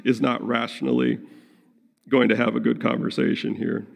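A man's voice: medium pitch, sing-song, normal speed, creaky. A man preaching as pastor in an earnest sermon, acting out prayers and quotes in his own voice. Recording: long reverb of a large hall.

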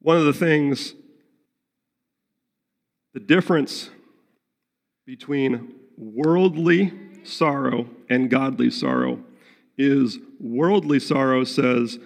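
A man's voice: medium pitch, slow pace, gravelly, long pauses. A man preaching as pastor in an earnest sermon, acting out prayers and quotes in his own voice. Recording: long reverb of a large hall.

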